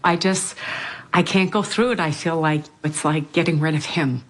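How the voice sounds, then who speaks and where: A middle-aged woman, a bereaved mother, telling her story in a documentary interview in a halting, grief-stricken way. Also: deep voice. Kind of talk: documentary interview, personal account.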